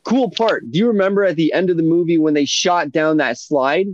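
A man co-hosting a casual chat, telling animated stories with lots of swearing and restarts. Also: on the high side, fairly quick, dull audio, slight background noise. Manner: animated storytelling, heavy swearing, many restarts.

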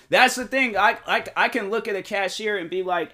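A man hosting his own podcast, talking in a casual motivational monologue, animated and defensive, full of fillers and restarts. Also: sits high, fairly quick, hardly any pauses. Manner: defensive, emphatic. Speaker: podcast host and YouTuber. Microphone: desk microphone.

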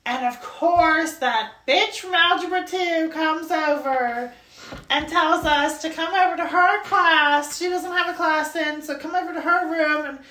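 A woman co-hosting a podcast, chatting in a rambling, relaxed way with lots of fillers. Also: extremely high pitch, unhurried. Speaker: podcast co-host. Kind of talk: casual chat. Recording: echoey room.

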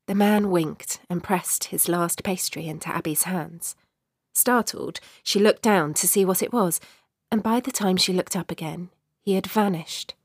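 A woman narrating a short story in a measured, expressive way. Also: on the low side, slightly rough, no echo, clean studio sound.

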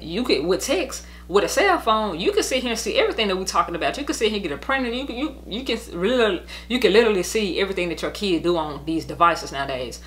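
A woman's voice: fairly low pitch, a bit bright. A woman with a Southern US accent, venting in a casual monologue, frustrated and repetitive, swearing now and then. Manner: frustrated, repeats herself, swears. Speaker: podcast host.

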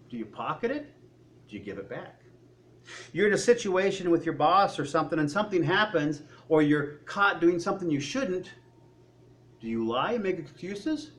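A man's voice: on the high side, a bit bright, a little hiss or hum. A man preaching a sermon, acting out the voices of worried people and of God as he goes.

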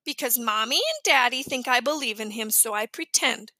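Woman reading as an eager little boy, high and bright. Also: moderate pace, no room sound. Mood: sly. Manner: shrill and gushing when excited. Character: excited little boy, young child, eager and wily.

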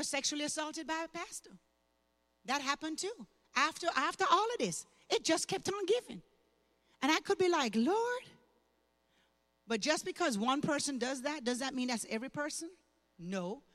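An older woman, a guest pastor with a high-pitched voice, begins her sermon in a conversational teaching tone and builds to loud, impassioned preaching. A long reverb tail follows her voice.

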